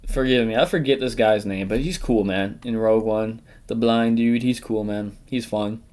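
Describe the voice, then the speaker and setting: A man's voice: on the low side, fairly even intonation, moderate pace, few pauses, a little mellow. Profane rambling man ranking characters. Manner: rambling, profane, jokey, drifts into mumbles and whispers. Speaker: host. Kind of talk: casual tier-list commentary.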